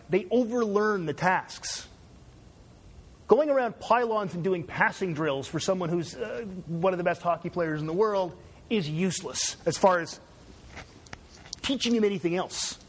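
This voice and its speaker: A man's voice: high voice, expressive, unhurried, long pauses. Chatty Canadian man lecturing. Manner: conversational, digressive, frequent "right?" checks. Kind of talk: university lecture.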